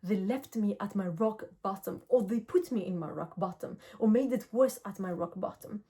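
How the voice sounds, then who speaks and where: A woman's voice: medium pitch, normal speed. A young adult woman vlogging straight to camera, giving earnest, direct self-help talk and telling everyday stories with energy. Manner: earnest, direct, lively storytelling. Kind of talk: casual motivational talk to camera.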